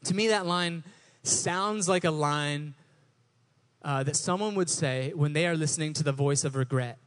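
A man's voice: on the high side, moderate pace. A young adult male pastor preaching a sermon in a casual, conversational way, often restarting words as he rephrases.

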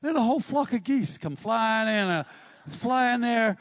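A man preaching a sermon, telling stories with lively energy and acting out the scenes he describes. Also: very high-pitched, measured pace, dry recording, lo-fi sound. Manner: animated storytelling, acts out scenes.

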